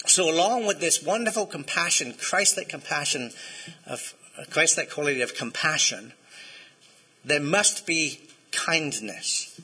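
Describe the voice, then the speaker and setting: A man's voice: on the high side, sharp tone, breathy edge, poor audio. A man preaching a sermon in a conversational way, often checking in with his listeners. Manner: conversational, asks the congregation to respond. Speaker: pastor.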